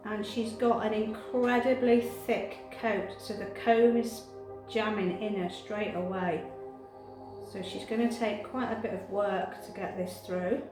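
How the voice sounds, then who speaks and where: A woman grooming a cat, talking softly and coaxingly while explaining her work. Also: mid-range voice, fairly even intonation, measured pace. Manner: soft, coaxing, chatty. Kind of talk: grooming commentary. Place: grooming room. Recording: echoey room with music behind.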